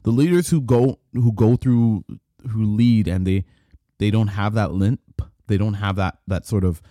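A man's voice: lowish voice, unhurried, dark tone, no room sound, studio quality. A man hosting a solo podcast, talking in a loose, rambling way that keeps restarting and repeating words. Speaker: podcast host. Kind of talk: casual solo podcast talk.

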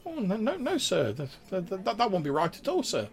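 A tiny, wizened sprite with a squeaky, very high voice, as a man puts him on, stammering and tripping over his words. He sounds panicked and deferential, calling everyone sir. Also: wildly swooping pitch, brisk, gravelly, full character voice.

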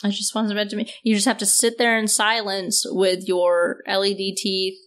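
A woman's voice: medium pitch, flat delivery, moderate pace, a bit bright. A woman hosting a podcast in casual chat, sarcastic and laughing often. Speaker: podcast host.

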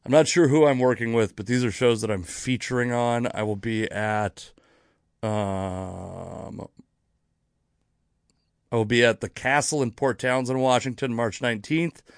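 A man's voice: mid-range voice, measured pace, creaky, no room sound, studio quality. A man hosting his own comedy podcast, rambling through dates and topics in casual, self-correcting chat with the odd curse. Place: near Seattle.

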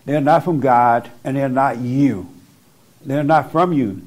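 A man's voice: mid-range voice, slow pace, a little mellow. A man giving blunt spiritual counsel to someone in front of him, talking into a microphone and driving his points home by repeating them. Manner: blunt, repetitive, insistent. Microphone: speaking into a microphone.

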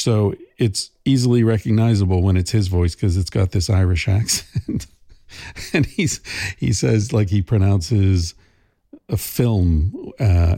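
A man's voice: on the low side, creaky, mellow, slightly rough, no echo, studio quality. A middle-aged man hosting a podcast, talking casually in a thoughtful, rambling way with many fillers and restarts. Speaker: podcast host. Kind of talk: casual monologue.

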